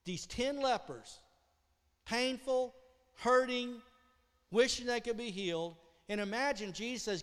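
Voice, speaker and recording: A high-voiced man preaches in a church sanctuary, telling the story with great animation and acting out the voices. He swings from loud outbursts to near-whispered lines. His voice rings with the long reverb of a large church hall. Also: normal speed. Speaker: pastor. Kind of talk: sermon.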